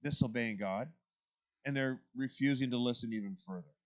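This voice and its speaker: A man's voice: medium pitch, normal speed. A man leading a church Bible study class, talking through the text in a conversational way and putting questions to the group.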